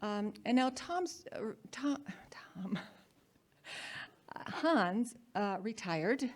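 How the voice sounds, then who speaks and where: A woman hosting a live storytelling event in a hall, introducing the next speaker. She talks conversationally, with small stumbles. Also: fairly high pitch. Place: hall before a live audience.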